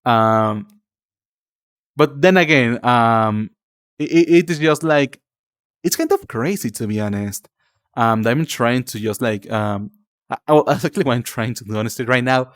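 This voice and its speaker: Lively male streamer. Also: mid-range voice, clear, resonant tone, no echo, studio quality. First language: Spanish. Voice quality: halting, searching for words in a second language. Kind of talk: casual live-stream chat, reading chat aloud.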